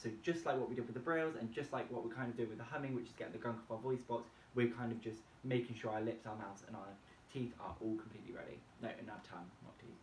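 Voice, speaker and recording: A man presenting a vocal warm-up tutorial and explaining each step plainly. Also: medium pitch, a little hiss or hum. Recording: echoey room, distant mic, faint music. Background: faint backing music from a laptop.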